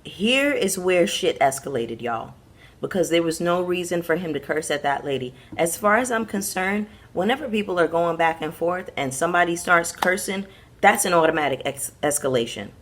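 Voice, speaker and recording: A woman's voice: on the low side, animated, normal speed. Sassy, emphatic woman recapping reality TV. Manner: sassy, emphatic, talks straight to viewers. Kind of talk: casual recap commentary.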